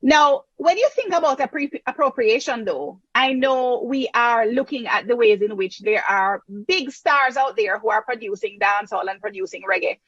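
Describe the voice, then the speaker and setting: A woman moderating a panel, her voice slightly higher than average and husky. She speaks in a measured, lecturing way. The sound is dull and dry, like a lo-fi recording. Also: a bit bright, no room sound.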